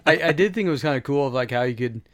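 Male co-host, medium pitch, relaxed chiming-in, dry sound. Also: very fast, no echo. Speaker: podcast co-host. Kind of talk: casual chat.

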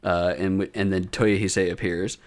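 A young man with a fairly low voice talks through an episode in loose, casual chat. He rambles, stacks fillers, and restarts his sentences as he goes. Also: flat delivery, normal speed, darkish tone. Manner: rambling recap with many fillers, restarts and laughs. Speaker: podcast co-host recapping an anime episode.

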